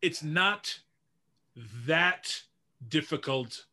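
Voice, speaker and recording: A man's voice: a little high, drawn-out words, bright, forceful tone. A man co-hosting a podcast, hedging his points with many "you know"s. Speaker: podcast co-host. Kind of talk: casual chat.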